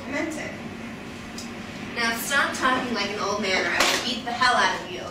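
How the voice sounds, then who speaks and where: A woman's voice: medium pitch, moderate pace, lightly acted. An actor in a stage play, a woman playing a brash friend who teases and encourages another character. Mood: teasing. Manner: teasing, bossy and encouraging. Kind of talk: amateur theatre acting. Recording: echoey room, distant mic, loud noise.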